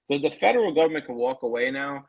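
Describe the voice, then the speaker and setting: A man's voice: mid-range voice, animated, quick pace, lo-fi sound. Profane ranting podcast co-host, man. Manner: profane, ranting, mocking quotes. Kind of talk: casual podcast chat. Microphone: remote call.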